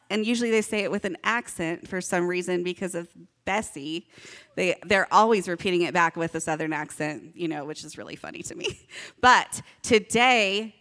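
A woman's voice: mid-range voice, a bit bright. Young woman pastor, upbeat and chatty, leads call-and-response with kids. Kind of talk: children's sermon to a congregation.

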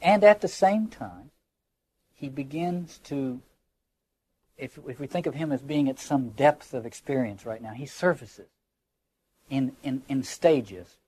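A man's voice: medium pitch, a little slow, pauses often, dark tone, husky. A man lecturing on literature, reflective, often restarting words as he searches for phrasing and reading quoted lines aloud with emphasis.

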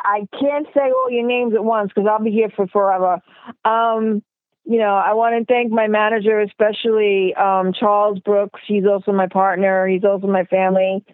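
A woman's voice: mid-range voice, no echo. A woman actress from New York, with a mild New York accent mixed with a Californian one, chatting casually in an interview with lots of fillers and restarts. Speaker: actress guest. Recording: tinny phone line.

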